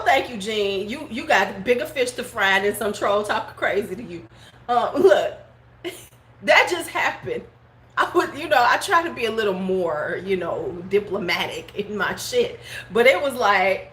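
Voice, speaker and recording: Her voice is medium-pitched, lively and fairly bright, at a moderate pace, as this middle-aged woman runs a casual beauty livestream. She speaks bluntly and frankly, laughs often and talks back to comments from the live chat. Faint noise hangs in the roomy home setting.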